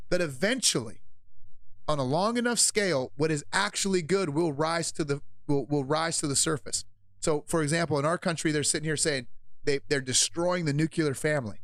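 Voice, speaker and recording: A man delivers a casual opinion monologue, blunt and full of swearing, jumping from flat stretches to loud outbursts. His voice sits a bit high for a man. It is recorded close and dry, with no room sound. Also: no room sound. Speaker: podcast host.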